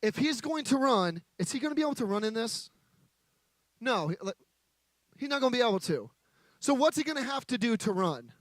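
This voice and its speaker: A man gives a playful, chatty sermon from a stage and banters with his audience. His voice sits high and comes across close and dry, with no room echo. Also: sing-song, fairly quick, pauses often. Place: stage before a live audience.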